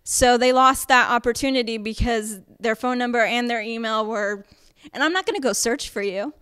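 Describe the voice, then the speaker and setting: Woman, acting workshop instructor, slightly high voice, chatty, emphatic, filler-heavy. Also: moderate pace, fairly bright tone, smooth. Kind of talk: workshop lecture.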